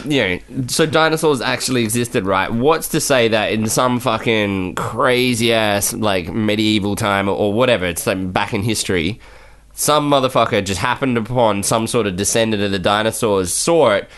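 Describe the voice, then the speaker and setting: A man's voice: on the low side, normal speed, a bit bright. A man, a podcast guest, musing in a laid-back, speculative way and swearing casually. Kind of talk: casual chat.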